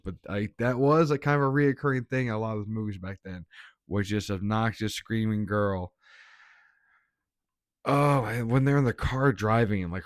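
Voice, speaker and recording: Low-voiced guy ranting about a bad horror movie, slow and blunt, dry close mic. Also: no echo. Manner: blunt, laughs often, swears. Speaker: movie reviewer. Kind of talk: casual spoken review.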